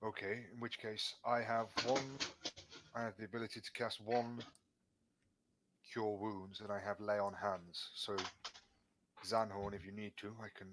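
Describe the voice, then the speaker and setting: A British man with a lower voice speaks in a measured, courteous way during a tabletop game. Faint hiss and clicks run behind him. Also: flat delivery. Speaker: player. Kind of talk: in-character tabletop game chat.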